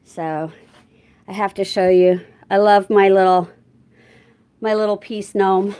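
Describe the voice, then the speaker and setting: Her mid-range voice is clear and resonant, fairly even in intonation, slow, and broken by long pauses. This older vlogger walks from room to room doing chores while live streaming, a bit winded, reading viewer comments aloud and responding. She chats casually and speaks warmly to her cats.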